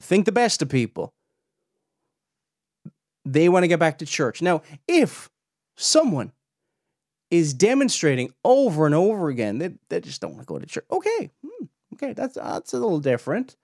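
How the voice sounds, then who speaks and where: A man hosting a podcast, giving pointed, animated critical commentary with rhetorical questions. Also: a little high, moderate pace, long pauses, dry recording, studio quality. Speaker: podcast host reviewing a preacher's clips.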